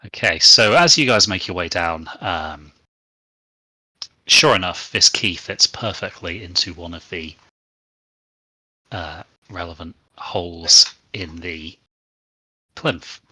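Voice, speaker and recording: A man narrating a tabletop game as game master, with steady descriptive narration. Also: low-pitched, takes it slowly, long pauses, breathy edge, no room sound.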